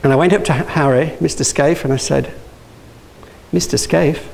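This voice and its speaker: A man's voice: on the high side, steady tone, fast, vocal fry, darkish tone, rough recording. A man from Yorkshire giving a motivational talk, telling stories and asking the audience questions, with frequent restarts. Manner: anecdotal, engages audience with questions; restarts and self-corrections. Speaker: guest speaker.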